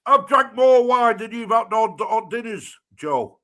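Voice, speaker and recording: A man on a live stream, gruff and argumentative, swearing heavily as he chats. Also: very high voice, lively intonation, unhurried, fairly bright tone. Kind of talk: casual livestream chat.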